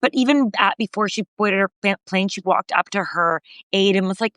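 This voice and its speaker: A woman who is a podcast host and journalist retells a story in casual conversation, speaking a little fast with no room sound. She's animated and uses frequent fillers, pitching her voice higher when quoting what others said.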